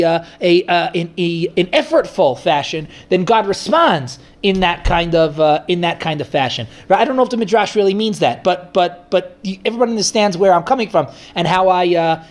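A man leading an informal Torah study class, thinking aloud frequent restarts and fillers. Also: high-pitched. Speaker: Torah teacher.

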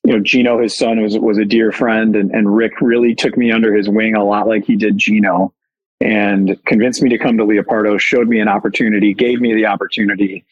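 Guy, husky voice, candid animated storytelling, pokes fun at himself. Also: lowish voice, brisk, lo-fi sound. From Chicago. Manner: animated, candid, self-deprecating. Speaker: guest, company founder. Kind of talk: casual storytelling.

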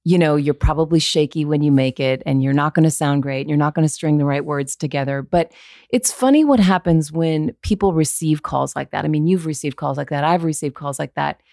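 Woman, voiceover actor, podcast guest, earnest, candid, thinks aloud, fry, dry close sound. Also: low voice, fairly quick, a little mellow, no echo. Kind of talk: casual interview chat.

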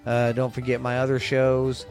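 A man's voice: mid-range voice, moderate pace, faint music behind. Rambling Southern man hosting a podcast. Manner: rambling, excitable, loose. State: hiccups. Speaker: podcast host. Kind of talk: casual podcast sign-off.

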